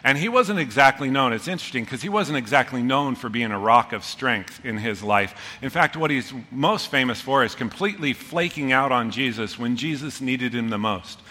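A man's voice: medium pitch, normal speed, hardly any pauses. Man preaching in an echoing hall. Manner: animated storytelling with voiced quotes. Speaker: pastor. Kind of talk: sermon. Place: church hall. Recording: long hall reverb.

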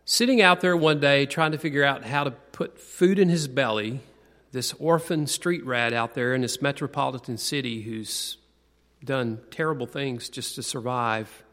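A man giving a conversational sermon, asking the audience questions and slowing down to lean on key words. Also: mid-range voice, fairly bright tone. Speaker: preacher. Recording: long reverb of a large hall.

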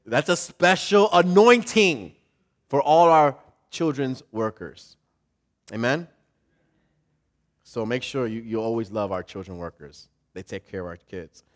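An older man, a grandfather, preaching a sermon in a lively, conversational way that swings between soft, reflective moments and loud, emphatic stretches. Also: mid-range voice, unhurried, pauses often. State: emotional and choked up at times. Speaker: pastor.

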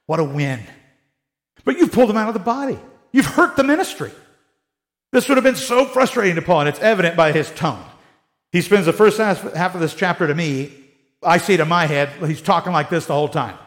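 A man's voice: high voice, a little fast. A man teaching the Bible in a casual, conversational way, joking and acting out the people he talks about. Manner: animated, joking, acts out quotes in voices.

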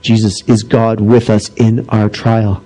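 A middle-aged man preaching a sermon, animated as he tells stories and acts out voices, dropping low and slow for solemn points. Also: poor audio. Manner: animated storytelling, acting out voices. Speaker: pastor.

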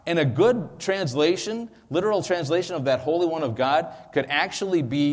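A man's voice: fairly high pitch, animated, normal speed, hardly any pauses, in a large hall. A male pastor teaching a sermon into a microphone, explaining in a conversational way with frequent ums and asides.

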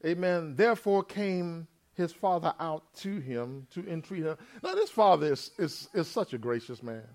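A man's voice: fairly high pitch, normal speed. A man preaching a sermon, retelling a parable in folksy everyday speech and acting out its characters as he goes. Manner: animated preaching, acts out the brothers and father in plain voices, folksy grammar.

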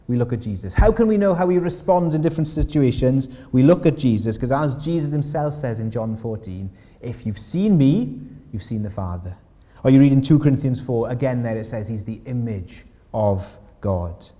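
A man's voice: mid-range voice, warm tone, in a large hall. A man preaching a sermon in church, earnestly asking his listeners questions. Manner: earnest, asks the congregation questions.

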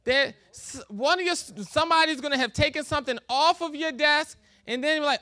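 A man preaching a sermon in a relaxed, conversational way, laughing often and acting out little quoted exchanges. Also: very high-pitched, brisk, few pauses, no echo. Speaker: pastor.

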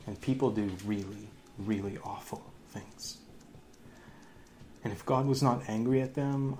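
A man in his thirties, a pastor giving a lively sermon, laughing often and dropping into sarcasm. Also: mid-range voice, a little hiss or hum.

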